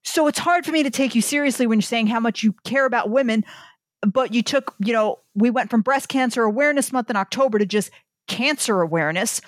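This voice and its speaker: A woman's voice: fairly high pitch, no echo. A woman author ranting bluntly in a candid podcast chat, swearing freely. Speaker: guest, fantasy author.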